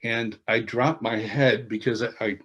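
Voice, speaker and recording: A man interviewed as an author, telling a personal faith testimony in an earnest, halting way that often restarts sentences. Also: medium pitch, fairly even intonation, fairly bright tone, breathy edge. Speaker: interviewed author and worship leader.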